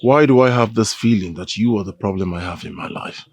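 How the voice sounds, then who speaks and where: A man's voice: fairly low pitch, brisk, a little hiss or hum, natural voice. An actor with a Nigerian English accent playing a suspicious young man who confronts his friend. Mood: accusing. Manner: confrontational, accusing. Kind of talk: Nollywood film acting. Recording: film audio with background music.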